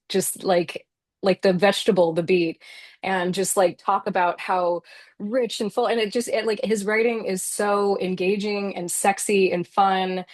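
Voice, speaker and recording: A woman's voice: mid-range voice, no echo. A woman novelist as a guest in an interview, talking in an earnest, reflective way and peppering her speech with "like.". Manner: earnest and reflective, many "like" fillers. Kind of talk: casual interview conversation.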